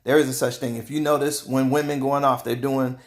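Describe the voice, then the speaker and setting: A man talking straight to his viewers in a casual opinion monologue, animated, laughing often and repeating words. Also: mid-range voice, fairly quick. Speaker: vlogger.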